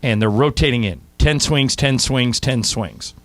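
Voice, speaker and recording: A man hosting a sports radio show, telling anecdotes in a casual, animated way into a studio microphone. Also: medium pitch, measured pace, no echo. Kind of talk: casual sports talk storytelling.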